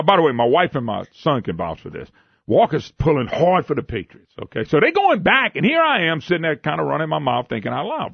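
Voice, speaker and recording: Man, radio talk host, gravelly husky voice, lively pitch swings, dull muffled broadcast sound. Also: no room sound. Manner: animated storytelling, laughing, retelling his own quotes. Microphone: studio microphone.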